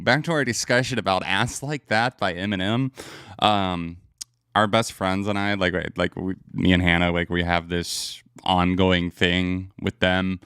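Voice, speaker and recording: A man casually chatting and reacting to songs on a live stream, relaxed and rambling, laughing often. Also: low-pitched, unhurried, smooth, no room sound, studio quality.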